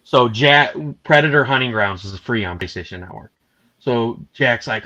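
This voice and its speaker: A livestream host with a mid-range voice chats casually at a moderate pace, the audio's highs cut off. An animated storyteller, he tells stories and acts out what people said.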